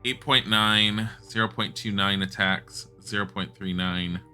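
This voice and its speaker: A man comments on a game as he plays, speaking casually and bluntly and swearing from time to time. His voice sits slightly low but has a bright, sharp edge. Light music plays quietly behind him. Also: steady tone, measured pace. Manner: chatty, blunt, swears, thinks aloud. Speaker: game streamer.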